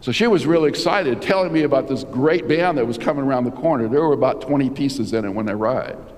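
Older pastor preaching in a reverberant hall. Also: male voice, medium pitch, fast, a little mellow. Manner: conversational preaching with rhetorical questions and restarts. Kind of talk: sermon. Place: church.

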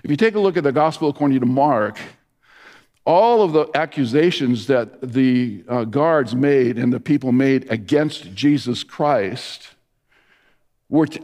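A man's voice: fairly high pitch, darkish tone. A middle-aged male pastor giving a sermon, telling stories with many restarts and fillers. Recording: long reverb of a large hall.

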